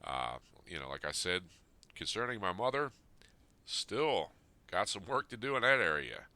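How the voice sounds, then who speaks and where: Man in his fifties, podcast host, very low voice, smooth and resonant; earnest, plain-spoken reflection. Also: very animated, normal speed, sharp tone, no echo. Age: 50s. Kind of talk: reading a personal letter aloud, then reflective talk.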